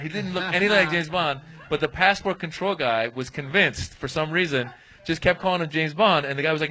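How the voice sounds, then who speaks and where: Bright-voiced man telling a comedy story. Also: fairly high pitch, fairly quick, rough recording. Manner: animated storyteller, acts out voices. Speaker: guest comedian.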